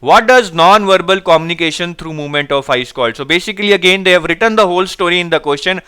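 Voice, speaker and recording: A man's voice: high voice, fast, pushed and bright, clear, resonant tone. A man teaching a live online exam-prep class, reading out viewers' answers and energetically urging them to respond.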